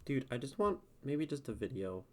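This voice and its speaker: A man's voice: medium pitch, sing-song, moderate pace, a little mellow. A man streaming live who reads a poem aloud and then chats casually with viewers, laughing often.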